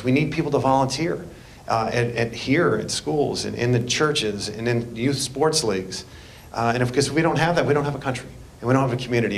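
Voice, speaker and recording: In a school board meeting room, a male state representative gives a folksy speech full of jokes at a public meeting. The audio is echoey, with a faint rumble underneath.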